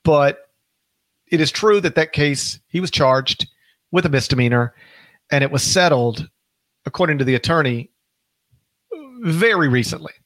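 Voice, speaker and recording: This middle-aged podcast host has a slightly high, somewhat bright voice, a moderate pace, and long pauses. He talks casually in a rambling, self-correcting way, putting weight on key words, in a recording free of room sound.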